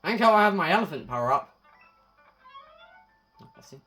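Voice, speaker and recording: A woman playing a game, talking dramatically, taunting enemies, swearing and swinging between shouts and mutters. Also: fairly low pitch, expressive, normal speed, soft background music. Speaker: gamer.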